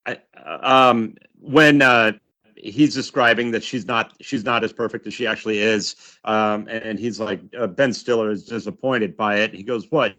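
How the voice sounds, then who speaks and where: A man chatting on a podcast who hesitates and fills his pauses with "uh" and "um." His voice has a clear, bright edge. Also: lowish voice, steady tone. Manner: halting, many fillers. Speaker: podcast co-host. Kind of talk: casual film chat.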